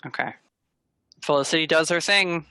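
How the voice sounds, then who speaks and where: A man running a tabletop game as game master, narrating scenes in steady detail. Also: on the high side, moderate pace, no room sound, low-quality recording. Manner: steady, descriptive storytelling. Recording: music playing clearly behind.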